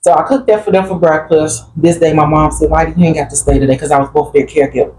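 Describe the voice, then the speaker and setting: Low-voiced woman telling a personal story. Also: fairly even intonation, fast, dark tone, low-quality recording. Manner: earnest, plain-spoken, quotes family members while recounting. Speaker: guest sharing a grief story. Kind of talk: personal storytelling in a group conversation.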